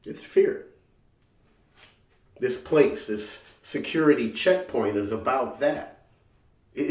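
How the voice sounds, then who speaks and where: A man performs a dramatic solo story, unhurried and halting, often repeating a word before pressing on. His voice sits at a middle pitch. The sound is roomy, caught by a mic some way off. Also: a little mellow, distant mic.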